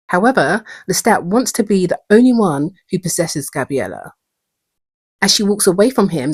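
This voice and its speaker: A woman, hosting a calm, measured episode breakdown, reflective in tone. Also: lowish voice, slightly rough, dry recording. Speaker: video essay host.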